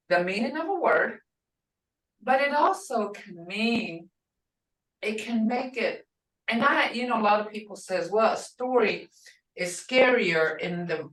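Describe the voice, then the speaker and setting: An older woman teaching a language class, who speaks slowly and patiently and repeats each word so her students can hear its tone. She is heard from some way off the mic, in a room with a noticeable echo. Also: mid-range voice. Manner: patient, repeats words to model tones. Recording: roomy, distant from the mic.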